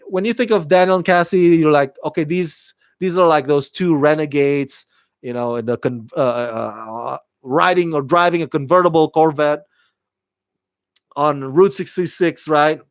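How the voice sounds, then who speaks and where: An animated man talks through his take on a TV episode, swearing freely and slipping into quick impressions of the characters. His voice sits a little higher than most men's. The sound is dry and close, with no room echo. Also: smooth. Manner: animated, swears freely, laughs, acts out quotes. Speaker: TV show reviewer. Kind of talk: casual solo review.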